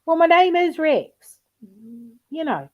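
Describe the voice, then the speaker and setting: A woman's voice: very high-pitched, very animated, slow, dull audio. A woman hosting a livestream in casual chat, telling rambling, profane anecdotes with frequent laughter. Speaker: livestream host.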